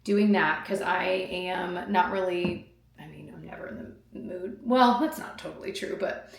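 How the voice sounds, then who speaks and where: A woman in her thirties chatting casually to camera as a vlogger, rambling with fillers and quick laughs. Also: lowish voice, gravelly, background noise. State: out of breath.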